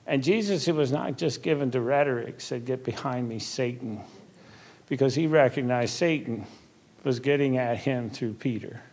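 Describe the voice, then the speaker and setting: An older man speaks as a minister in a relaxed talk-show chat. His voice sits at an ordinary pitch. He is earnest and good-humored, and he slows right down to stress key phrases. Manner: earnest storytelling, laughs easily, slows for emphasis. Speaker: Christian minister. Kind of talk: conversational faith talk.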